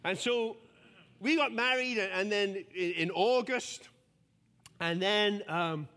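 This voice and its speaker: A pastor in his fifties delivers a sermon in a fairly high, bright voice. He tells stories with self-deprecating humor. The sound rings with a long hall reverb. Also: slow pace.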